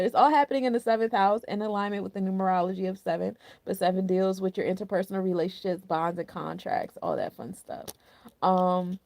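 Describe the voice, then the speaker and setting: A woman's voice: mid-range voice, gravelly, dark tone, no echo. A young woman hosting a casual astrology and numerology forecast, chatty and candid, full of loose slang and filler words. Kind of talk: casual spiritual forecast talk.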